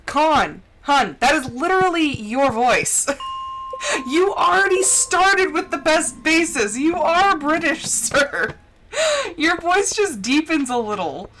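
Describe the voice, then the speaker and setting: An American woman with a high, lively voice streams a video game at a slow pace, chatting casually and giggling, saying "like" a lot. The background is noisy.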